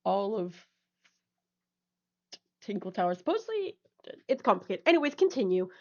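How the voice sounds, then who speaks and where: A woman chats casually during a voice roleplay, often rambling, giggling and backtracking. Her voice sits in a middle pitch range. The recording is slightly dull and lo-fi. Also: big pitch swings, moderate pace. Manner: rambling, giggly, self-correcting. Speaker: roleplay partner.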